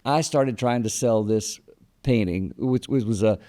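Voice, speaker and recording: A man's voice: mid-range voice, measured pace, dark tone. A man, a guest in an interview, telling long anecdotes and quoting what others said, with fillers and restarts. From Texas. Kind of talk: storytelling interview.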